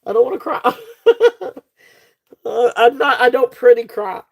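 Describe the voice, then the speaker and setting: A woman's voice: on the high side, measured pace, creaky. A woman hosting a casual live jewelry sale, chatty and laughing often, with many fillers and restarts. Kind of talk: casual live-stream sales chat.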